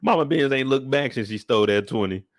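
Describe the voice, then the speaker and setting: Animated man ranting on a live after-show. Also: mid-range voice, quick pace, dry recording, clean studio sound. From Kansas City, US. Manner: animated, profane, laughing, rants loudly at characters. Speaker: show host.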